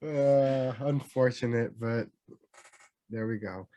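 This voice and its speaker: A young man co-hosting a gaming podcast, excitable, slangy and casual with swearing. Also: medium pitch, takes it slowly, dry recording. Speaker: podcast co-host. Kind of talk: casual chat.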